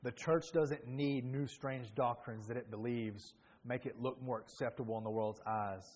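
A man's voice: medium pitch, steady tone, normal speed, a little mellow. A male pastor preaching a sermon with earnest, emphatic delivery that rises in bursts.

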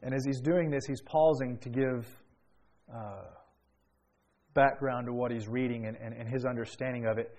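A man preaching a sermon, telling a story quietly and then rising into loud, fervent praise. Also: mid-range voice, steady tone, normal speed.

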